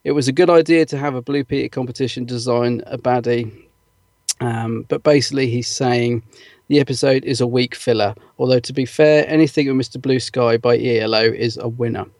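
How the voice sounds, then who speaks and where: A man's voice: mid-range voice, fairly even intonation, a little fast, a little mellow, dry recording, studio quality. A man co-hosting a podcast, casually reading out listener comments with lots of fillers and easy laughs. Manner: chatty, filler-heavy, laughs easily. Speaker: podcast co-host.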